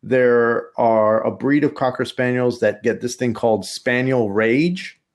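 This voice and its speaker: A man co-hosting a casual podcast, telling a long story with lots of swearing and sudden jumps into high acted voices. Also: a little slow. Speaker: podcast co-host.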